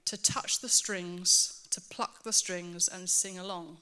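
A woman preaching a sermon to her church, earnest and animated, with self-mocking asides. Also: fairly low pitch, slow, smooth.

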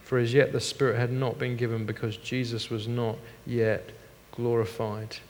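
A middle-aged man preaching a sermon as pastor, moving between hushed, earnest passages and animated, laughing stories. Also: mid-range voice, moderate pace, a little hiss or hum. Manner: animated storytelling with laughs and shifts from hushed to loud. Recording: long hall reverb.

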